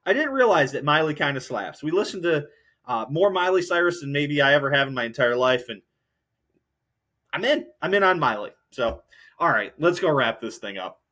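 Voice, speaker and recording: A man's voice: on the high side, very animated, normal speed, sharp tone. A young man hosting a solo podcast, ranting in a heated, profane, rambling way. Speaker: podcast host.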